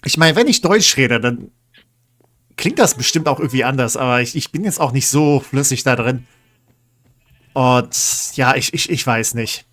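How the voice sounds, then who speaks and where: A man's voice: medium pitch, animated, moderate pace, a bit bright. Man, game streamer, casual commentary, rambling, mid-range voice. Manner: chatty, rambling, coaxing pets.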